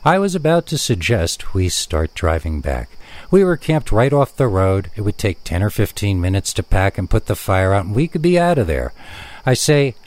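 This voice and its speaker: A man narrating a first-person horror story in a lively storytelling manner. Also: on the low side, normal speed. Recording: constant background noise.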